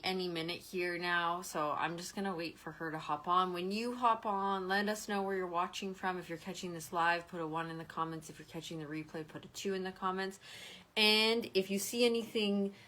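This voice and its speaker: A woman with a West Coast Canadian accent hosting a live-streamed sales pitch, upbeat and enthusiastic, talking into a computer mic on a video call. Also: moderate pace, bright, forceful tone, low-quality recording.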